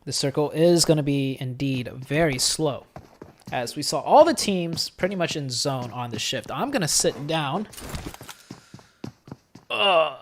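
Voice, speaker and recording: Solo esports caster, chatty then excitable. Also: medium pitch, measured pace, a little hiss or hum. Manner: chatty and offhand in lulls, bursting into excited calls during fights. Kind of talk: solo play-by-play commentary on a live stream. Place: home room, seated at a streaming setup. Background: faint game gunfire.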